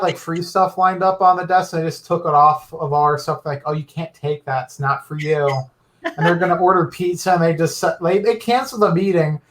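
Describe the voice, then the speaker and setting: Young man with a slightly high voice. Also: fairly bright tone. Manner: loose, filler-heavy explaining. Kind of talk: casual podcast chat.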